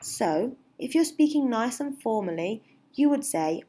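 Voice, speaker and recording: A woman teaching beginner at a deliberately slow pace, with a slightly husky voice. She is patient and repeats each example phrase, giving it a lifted, sing-song stress. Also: a little high, lively intonation, dark tone. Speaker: English teacher. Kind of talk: slow, clear English lesson.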